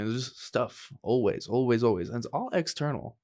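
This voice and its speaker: A man's voice: mid-range voice, lively intonation, a little mellow. Emotional podcast host, a man. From upstate New York. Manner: emotional, halting, laughing through tears. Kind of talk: casual chat.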